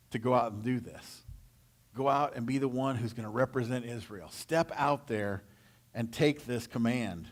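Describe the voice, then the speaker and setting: Lively-voiced male pastor, casual retelling. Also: mid-range voice. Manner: retells scripture in casual paraphrase, acting out voices. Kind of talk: sermon. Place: church.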